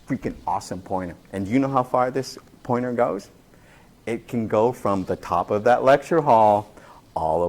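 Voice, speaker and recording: A man who teaches college, telling classroom stories to colleagues in an animated way, acting out quotes and often restarting his sentences. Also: lowish voice. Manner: animated storyteller, acts out quotes, many restarts. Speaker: college instructor. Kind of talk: faculty talk with anecdotes.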